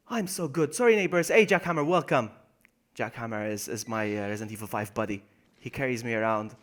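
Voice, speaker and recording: A man streaming a game live, greeting viewers by name, yelping when things go wrong and mocking himself. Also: quick pace. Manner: excitable, jumps to high yelps when in danger, then mutters low. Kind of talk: live gameplay commentary.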